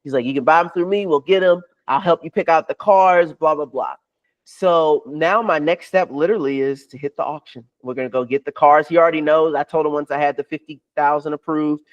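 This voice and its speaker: Man, podcast guest, fairly high voice, excited storyteller, quotes people in voices, swears. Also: a little fast, lo-fi sound. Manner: excited, acts out other people's lines in quotes; swears freely. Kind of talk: animated storytelling.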